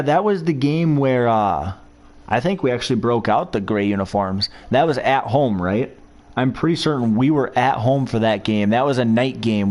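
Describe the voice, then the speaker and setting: A man chats his way through a football video game, rambling and reminiscing between plays. His voice sits a little low, relaxed and conversational, like a fan talking to viewers at home. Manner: chatty, rambling, reminiscing about college football. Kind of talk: casual gameplay commentary.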